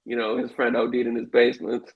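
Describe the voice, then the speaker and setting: Animated storytelling man, swears freely. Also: medium pitch, fast, creaky, lo-fi sound. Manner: animated, swearing, acts out quoted voices. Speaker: guest telling a life story. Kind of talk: casual conversational storytelling.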